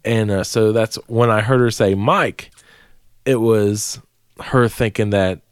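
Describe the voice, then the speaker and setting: A man's voice: on the low side, steady tone, a little slow, a little mellow, clear, resonant tone, dry recording, clean studio sound. Profane, rambling man telling a story. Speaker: podcast co-host. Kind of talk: casual storytelling.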